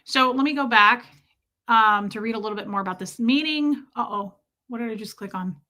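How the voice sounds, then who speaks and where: A woman hosting a live stream, chatting casually and reflectively while answering viewer comments, slowing down to stress key phrases. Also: on the high side, bright, forceful tone. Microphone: streaming mic.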